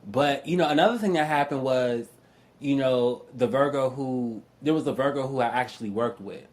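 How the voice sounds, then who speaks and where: A man's voice: mid-range voice, moderate pace. A young man telling stories in a casual, profane rant, often laughing and mimicking other people's voices. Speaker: astrology YouTuber.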